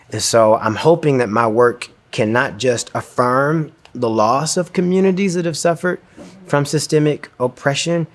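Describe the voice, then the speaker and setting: A man speaks at a middle pitch, earnest and reflective as he tells a personal story from a stage. He slips into quoted dialogue now and then, and the feeling in his voice rises as the story moves on. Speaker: speaker giving a talk.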